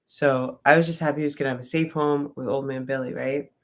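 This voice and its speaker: A woman's voice: extremely low pitch, steady tone, fast. A woman casually telling a personal story, rambling with lots of "like" fillers and swearing freely. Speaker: vlogger.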